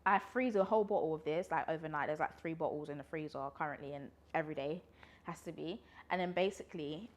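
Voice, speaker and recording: A woman, chatting casually through a pregnancy Q&A vlog, a little out of breath and laughing often. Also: low-pitched. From London, UK. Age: 20s. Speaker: vlogger.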